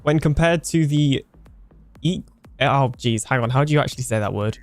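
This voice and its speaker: A man's voice: mid-range voice, normal speed, faint music behind. A young British man casually chatting on a live game stream, reading viewer comments aloud and laughing often as he trails off mid-sentence.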